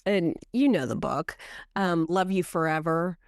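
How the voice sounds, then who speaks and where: A woman's voice: on the low side, a little slow, smooth, no room sound, clean studio sound. A middle-aged woman co-hosting a podcast, telling stories in casual chat with lots of "like". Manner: animated storyteller, fillers of "like". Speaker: podcast co-host.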